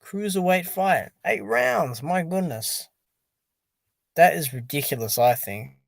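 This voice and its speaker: A tired, sleepy man chatting casually on a live stream, reacting out loud and reading viewer comments. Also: on the high side, animated, slow pace, vocal fry, no echo. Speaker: boxing stream host.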